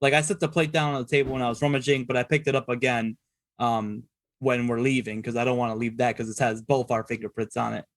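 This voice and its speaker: A man's voice: mid-range voice, fairly even intonation, quick pace, no echo. A man in the middle of a tabletop game, talking through what his character does in a loose, rambling way. He circles back, restarts and fills the gaps with ums as he plans each move. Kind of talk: casual in-character narration of actions.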